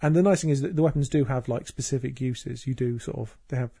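A man's voice: medium pitch, fast, vocal fry, dark tone, husky. A man hosting a casual podcast, rambling with many fillers and restarts. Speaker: podcast host. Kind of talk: casual chat.

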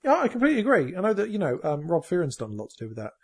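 Man, podcast host, casual chat, husky, pitch jumps all over. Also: rapid-fire. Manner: animated, jokey, slips into silly impressions.

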